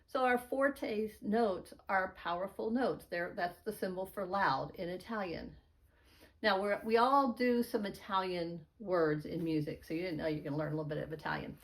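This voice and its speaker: A middle-aged woman gives a beginner piano lesson in a slightly low voice. She explains each symbol patiently and encouragingly, and counts the beats aloud in a sing-song way. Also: normal speed. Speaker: piano teacher.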